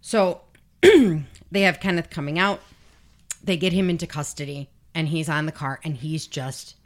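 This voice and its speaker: A podcast host with a low, slightly slow voice recounts a true crime story in a casual way. She's blunt, and the swearing flows freely as she reads quotes aloud.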